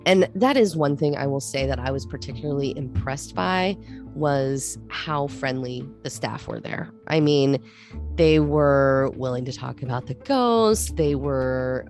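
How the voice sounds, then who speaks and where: A woman co-hosting a podcast in casual chat, telling stories with lively acted-out quotes. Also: rumbling low, a little slow, soft background music. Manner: animated storyteller, acts out quotes. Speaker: podcast co-host.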